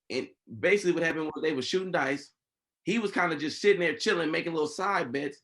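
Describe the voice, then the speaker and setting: Animated storyteller man, podcast host. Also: fairly high pitch, quick pace. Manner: animated storytelling, acts out quoted people. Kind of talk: casual chat.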